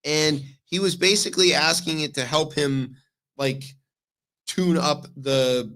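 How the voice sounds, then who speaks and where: A man co-hosting a radio talk show, telling news stories in an animated, joking way. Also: fairly high pitch, low-quality recording. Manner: animated storytelling, quick asides. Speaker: radio co-host. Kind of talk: casual comedic news chat.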